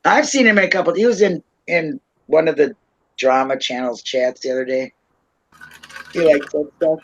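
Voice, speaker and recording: A woman's voice: sits low, moderate pace, muffled recording. A woman hosting a casual livestream chat, tipsy from wine, rambling and laughing often. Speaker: livestream host.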